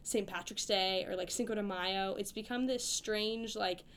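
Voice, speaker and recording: A woman's voice: mid-range voice, fairly even intonation, moderate pace, fairly bright tone. A young woman hosting a casual chat, thoughtful and chatty as she asks questions. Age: young adult.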